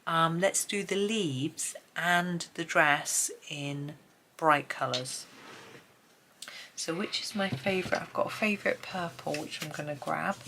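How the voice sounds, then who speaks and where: A British woman chatting softly as she talks through her colouring, sometimes trailing off into murmured asides. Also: low voice, unhurried, a little hiss or hum, poor audio. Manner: chatty, soft-spoken, drifts into murmured asides. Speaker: colouring video creator. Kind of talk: casual narration while colouring.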